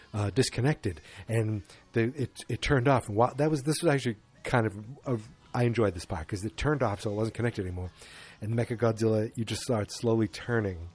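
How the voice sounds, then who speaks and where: A man with a fairly low, darkish voice talks briskly while loosely recounting a movie plot for his podcast. He's sarcastic, rambling, and quick to own up to what went over his head.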